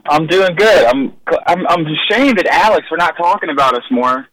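A man's voice: fairly high pitch, lively intonation, moderate pace, fairly bright tone, no echo, rough recording. A young man calling in to a radio show, teasing with mock indignation. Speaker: caller, co-host's brother.

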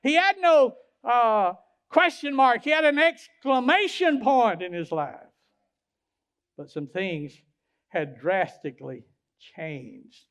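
High-voiced preaching pastor, loud swings. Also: male voice, big pitch swings, slow, clean tone. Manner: preaching, swinging from loud hollering peaks to low quiet drops. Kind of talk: sermon.

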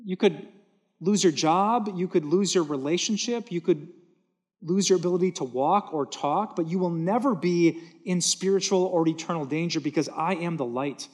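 A man's voice: high-pitched, normal speed, husky. A man preaching a sermon from a church stage, earnest and emphatic, repeating words for stress. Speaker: pastor.

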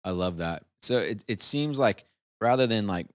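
A man's voice: sits low, lively intonation, moderate pace, dry recording, studio quality. A man hosting a casual team chat, reading out results with upbeat energy. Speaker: host.

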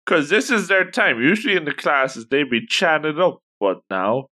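A man's voice: on the high side, lively intonation, normal speed, sharp tone. A man co-hosting a casual chat, reacting with exclamations and retelling scenes. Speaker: podcast co-host. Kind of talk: casual chat about a manga chapter.

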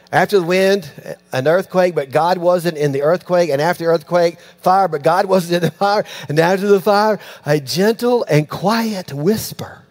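A fairly high-pitched man delivers a sermon with animated storytelling. He acts out the voices of the people he talks about and drops to hushed tones for quiet lines. A faint electrical hum sits under the recording. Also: normal speed. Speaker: pastor.

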